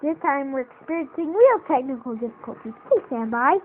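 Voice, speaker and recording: A woman's voice: high voice, big pitch swings, a little fast. A woman talking casually and playfully, poking fun at herself while showing a homemade puppet. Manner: playful, self-mocking. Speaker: puppet maker. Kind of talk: casual homemade craft video. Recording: tinny phone-like audio, faint noise.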